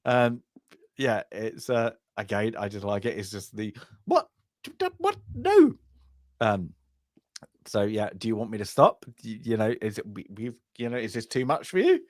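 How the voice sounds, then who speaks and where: A man co-hosting a film review podcast in casual chat, rambling and trailing off, then breaking into loud shouted impressions. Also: lowish voice, moderate pace, no echo, clean studio sound. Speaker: podcast co-host.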